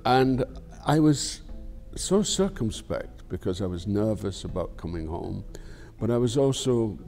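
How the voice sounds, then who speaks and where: An older man with a Scottish accent, speaking in a low, gravelly voice. His tone is mellow and dark, and he rambles reflectively. He swears freely and without any fuss in a candid interview. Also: animated, unhurried, faint music behind. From Scotland. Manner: frank and profane, swears freely. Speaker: actor being interviewed.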